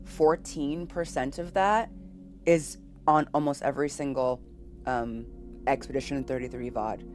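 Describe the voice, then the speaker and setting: A female streamer with a bass voice chats casually with her live viewers. Bubbly, giggly and quick to laugh, she switches between loud excited greetings and quiet asides.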